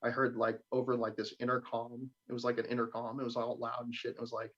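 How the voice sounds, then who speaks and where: A man's voice: medium pitch, quick pace. A young man, a guest on a live stream, casually telling a story, swearing a lot and acting out the voices he quotes. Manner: profane, animated, acts out quoted voices. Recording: dull lo-fi stream audio.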